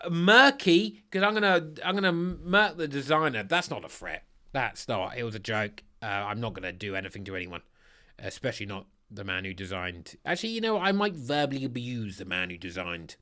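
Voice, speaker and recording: A man giving blunt, crude, sarcastic commentary while ranking football kits. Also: fairly bright tone. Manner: blunt, crude and sarcastic, with big swings in pitch. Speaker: football kit reviewer. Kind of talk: comedic kit ranking commentary.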